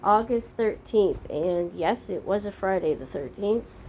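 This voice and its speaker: Middle-aged woman chatting to her viewers like a diary, slow and mellow, kinda rambly. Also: mid-range voice, expressive, a little hiss or hum, rough recording. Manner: rambling, unhurried, warm toward viewers. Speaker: vlogger. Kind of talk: casual diary-style chat to viewers.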